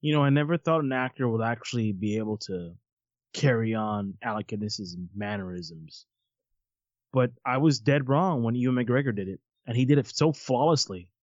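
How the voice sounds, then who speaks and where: A man in his forties chatting casually and telling lively stories, often laughing at them. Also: medium pitch, normal speed, no room sound. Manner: animated storyteller, laughs at his own stories. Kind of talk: casual chat. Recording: slightly muffled lo-fi sound.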